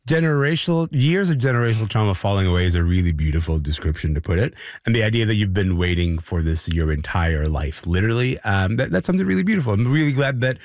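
An animated, chatty male talk show host. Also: fairly low pitch, fast, few pauses, no room sound, studio quality. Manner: animated, chatty, lots of filler words. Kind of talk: casual talk show hosting.

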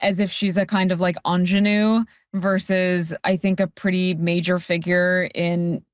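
A woman on a casual panel discussion, giving measured, critical opinions on a film. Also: fairly low pitch, level tone, no echo, clean studio sound.

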